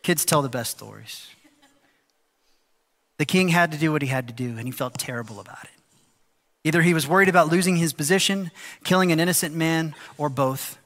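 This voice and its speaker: A male pastor preaching a sermon, animated and lively, often acting out the voices of people in the story. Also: fairly high pitch, brisk, long pauses. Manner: animated, acts out quoted voices. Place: church sanctuary. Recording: long hall reverb.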